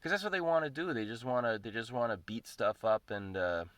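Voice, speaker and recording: A man's voice: mid-range voice, brisk, a bit bright, no room sound. A man ranting in a casual monologue as the host of his own podcast, swearing often, rambling and repeating himself.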